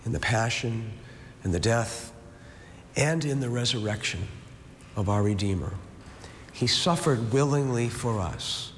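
A man leading a recited rosary, with steady rhythmic prayers that fall at each amen and a slow, reflective meditation. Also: mid-range voice. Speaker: prayer leader. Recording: long reverb, faint background hiss.

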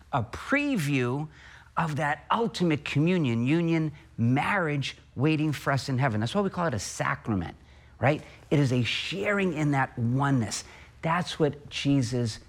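A man preaching a homily as a priest, earnest, asking and answering his own questions and slowing down on key phrases. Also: medium pitch.

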